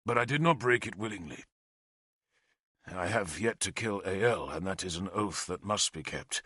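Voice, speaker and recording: An oath-bound middle-aged warrior king, grave and brooding, voiced by a man reading the book aloud. He speaks low and dark, with weary weight under every line. The sound is close and dry. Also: husky, dry recording, exaggerated voice. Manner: grave and brooding, breaking into weeping and rage.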